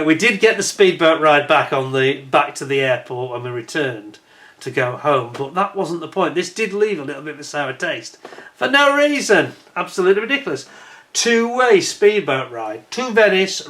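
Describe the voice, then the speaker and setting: A man narrates his travel footage in a voice pitched a little above the usual male range. His tone is bright and forceful. He tells the story as an indignant, exasperated rant. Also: expressive, moderate pace. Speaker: travel vlogger. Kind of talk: voice-over narration of holiday footage.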